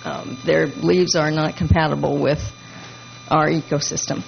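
A woman council member giving a halting report at a public meeting, with many fillers and restarts. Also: sits low, little pitch movement, vocal fry. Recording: muffled meeting room audio with hum.

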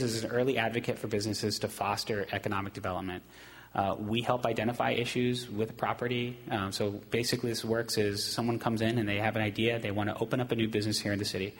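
Man, city staffer, steady near-monotone meeting report, lowish voice, reverberant chamber. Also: breathy edge. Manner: steady, self-described monotone, many ums. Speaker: city staff presenting to council. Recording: long hall reverb in council chamber.

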